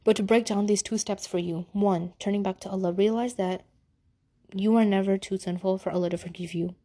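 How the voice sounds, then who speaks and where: A woman's voice: mid-range voice, steady tone, a little fast, warm tone. A young woman hosting a personal faith podcast, talking earnestly in casual slang. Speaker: podcast host.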